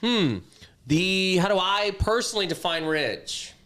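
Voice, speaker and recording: A man's voice: high voice, animated, measured pace, bright, forceful tone. A man who is a comedian, guesting on a podcast, talking in a brash, profane way and launching into mocking impressions. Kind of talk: casual interview chat.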